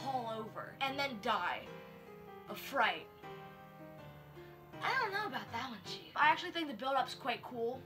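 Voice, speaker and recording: A young woman hosting a comedic review of spooky stories, slangy and deadpan. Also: sits high. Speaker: host.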